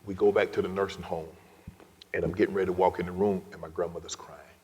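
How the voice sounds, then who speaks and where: A middle-aged man giving an emotional personal story as a guest speaker at an event, his delivery swinging from loud to hushed whispers. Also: low voice, steady tone, quick pace. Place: large event hall. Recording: long reverb of a large hall.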